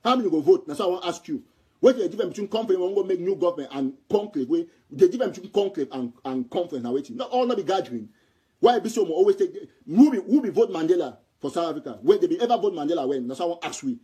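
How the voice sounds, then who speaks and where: A man's voice: high-pitched, expressive, rapid-fire, mellow, slightly rough. A man from Southern Cameroon speaking Cameroonian Pidgin English, giving an impassioned political commentary in a heated, repetitive way.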